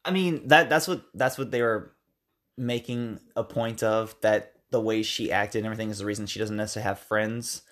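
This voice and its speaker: A man's voice: lowish voice, fairly quick, fairly bright tone. An American man co-hosting a podcast, chatting loosely about a film, rambling and correcting himself as he acts out lines from it. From United States. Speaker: podcast co-host. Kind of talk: casual film review chat.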